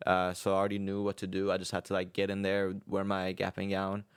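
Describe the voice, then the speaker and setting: A young man co-hosting a podcast, talking in a relaxed, rambling way with many fillers. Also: deep voice, quick pace, clean tone, no echo. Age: young adult. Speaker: podcast co-host. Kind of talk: casual chat.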